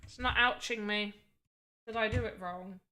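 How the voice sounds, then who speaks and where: Speaking at normal speed in a steady, mid-range voice that comes across pushed and bright, a woman live-streams her game-building in casual chat. She voices her thoughts while testing and exclaims at the on-screen action.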